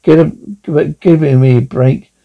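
A man's voice: on the high side, unhurried, creaky, highs cut off. A man voicing a joking, breezy young male speedster hero in a cartoon dub.

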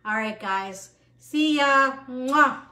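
Slightly slow and a little high, this woman's somewhat bright voice carries in a reverberant home kitchen. She's middle-aged, hosting a live cooking show with bubbly, casual chat and plenty of laughing at herself.

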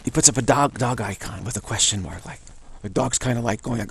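Brisk and medium-pitched, his creaky voice has a fairly bright tone and a breathy edge. This spiritual teacher tapes himself at home giving a rambling, casual spiritual monologue full of repetition and chuckles.

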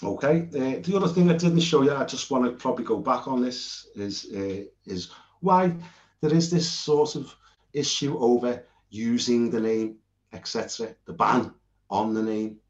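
A man's voice: mid-range voice, normal speed, darkish tone. A British man giving an informal Bible lesson while showing notes on screen, earnest and rambling, often restarting his sentences. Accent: British English. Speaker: Bible teacher. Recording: roomy and dull lo-fi.

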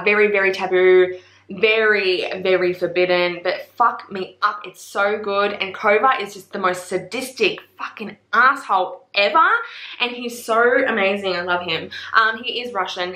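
A young woman, talking bluntly and excitedly about books in a casual, sweary vlog. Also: medium pitch. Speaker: book reviewer. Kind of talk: casual book recommendation vlog. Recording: roomy echo.

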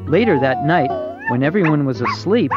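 A woman reading a children's storybook aloud, slow, clear and expressive. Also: low-pitched. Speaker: storybook reader. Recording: muffled audio with music behind.

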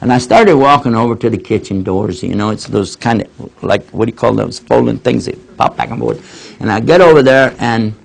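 A man's voice: mid-range voice, fairly quick, creaky, poor audio. An older man giving a casual lecture and answering questions, telling folksy stories. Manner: folksy storytelling, animated quoting of others.

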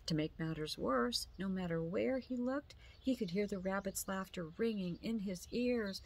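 A woman reading a children's story aloud slowly and gently. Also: medium pitch.

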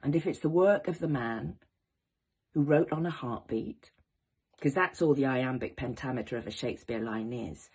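A woman actor giving an encouraging, expressive educational talk to young people. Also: very deep voice, moderate pace, husky. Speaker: actor teaching students.

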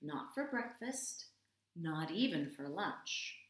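A woman teacher reading a picture book aloud to children, expressive and asking the listeners questions. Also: sits low, slow pace. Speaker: English teacher. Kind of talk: children's read-aloud storytime. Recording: echoey room.

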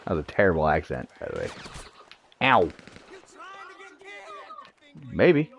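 A male streamer gives loose, jokey commentary while he plays, cursing and chatting to himself and his teammates. His pitch leaps up and down constantly, and faint gunfire from the game sits underneath. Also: huge pitch swings, a little slow, creaky, long pauses, a little hiss or hum. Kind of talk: live gameplay commentary.

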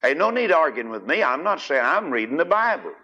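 A man preaching a sermon, emphatic and questioning his listeners, with big swings in loudness. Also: on the high side, very animated, fairly quick, slightly rough. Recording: dull lo-fi archive recording.

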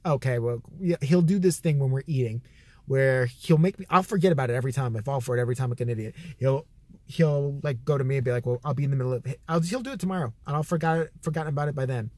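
A man's voice: medium pitch, quick pace, dark tone, dry recording. Rambling, profane male storyteller. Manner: rambling, profane, self-correcting. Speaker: vlogger. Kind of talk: comic storytelling.

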